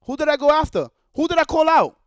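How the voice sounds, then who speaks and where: A man with a very high voice rants at a streaming audience, angry and cursing as he hammers the same points again and again. The sound is dry and close, with no room around it. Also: big pitch swings, quick pace, no echo. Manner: angry, profane, repetitive. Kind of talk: heated rant.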